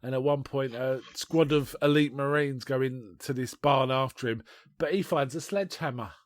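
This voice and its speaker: A man on a podcast, casually retelling a film in a rambling, animated way with restarts. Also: mid-range voice, moderate pace, dry recording. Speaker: podcast co-host. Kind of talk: casual chat reviewing a film.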